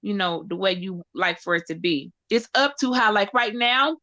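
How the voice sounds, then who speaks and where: Bright dry-voiced woman chatting. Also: medium pitch, normal speed, dry recording. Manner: rambling, animated, trails off mid-sentence. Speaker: panelist. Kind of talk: casual panel chat. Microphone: home podcast setup.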